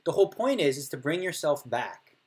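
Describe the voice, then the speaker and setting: A man's voice: on the high side, big pitch swings, fairly quick, darkish tone, slightly rough. A middle-aged man casually chatting while streaming poker, laughing often and acting out other players' table talk. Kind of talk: casual chat.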